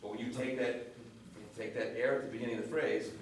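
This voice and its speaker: A man's voice: mid-range voice, flat delivery, quick pace. A man coaching a chorus, giving instructions and checking in with the singers with a frequent "right?". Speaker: vocal coach. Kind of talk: choir coaching session. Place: rehearsal room with a chorus. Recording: echoey room, distant mic, noisy.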